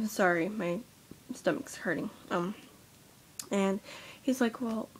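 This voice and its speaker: A tired young woman with a headache, rambling in a soft, half-whispered voice as she vents to her vlog camera. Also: mid-range voice, slow, a little hiss or hum. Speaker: vlogger. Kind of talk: casual rant to camera.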